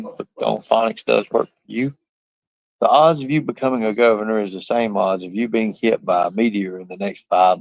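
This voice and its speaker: A man's voice: lowish voice, vocal fry, no room sound, poor audio. Man, boastful livestream rant, cursing and mocking, dry close sound. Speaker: livestream host.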